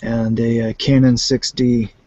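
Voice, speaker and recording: A man, an amateur astronomer guest, describing his telescope and camera on a live stream with frequent pauses. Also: mid-range voice, flat delivery, a little mellow, highs cut off. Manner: hesitant, many uh pauses.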